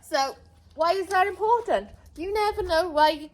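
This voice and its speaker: A woman explaining dog training step by step in a calm, unhurried way, now and then calling her dog in a high sing-song voice. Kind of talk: outdoor dog training lesson.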